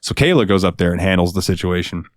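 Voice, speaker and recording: A man co-hosting a podcast, telling a work story in an animated, profane, casual way. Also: low-pitched, fast, dry recording, clean studio sound. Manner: animated, profane, swings into voices. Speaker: podcast co-host.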